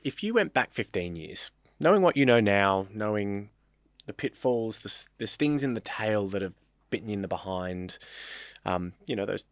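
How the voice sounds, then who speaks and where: A man's voice: fairly low pitch, lively intonation, moderate pace, no echo. A man hosting a podcast interview, asking chatty, encouraging questions on a close mic. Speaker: podcast host. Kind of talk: interview conversation.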